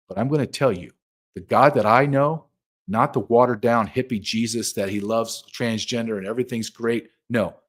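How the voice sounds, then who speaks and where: A middle-aged man speaking as an interview guest, a former border agent, talking in an urgent, emphatic and insistent way. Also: mid-range voice. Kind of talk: impassioned interview talk.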